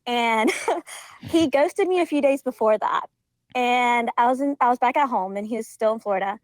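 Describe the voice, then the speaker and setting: A woman's voice: on the high side, moderate pace, no echo, rough recording. A young woman from Georgia telling a story in casual conversation as a podcast guest, full of filler words and frequent laughter. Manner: chatty, leans on filler words and laughs often.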